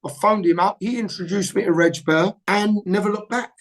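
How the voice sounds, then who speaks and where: A man's voice: high voice, normal speed, rough recording. An older man, a football agent guest telling anecdotes in an interview and acting out both sides of old conversations. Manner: lively storyteller who acts out both sides of old phone calls.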